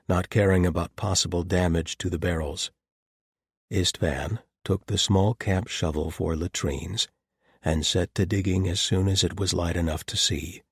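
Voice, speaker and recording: Male narrator, deep voice, husky, calm, measured, dry close sound. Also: no room sound. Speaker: audiobook narrator. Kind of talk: scripted narration.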